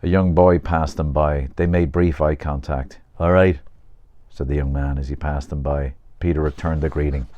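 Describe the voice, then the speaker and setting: A man's voice: a bass voice, little pitch movement, moderate pace, hardly any pauses, no room sound, lo-fi sound. A man reading aloud from his own novel, stopping now and then for chatty asides. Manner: chatty, breaks off to comment on his own text. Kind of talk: informal audiobook reading with asides.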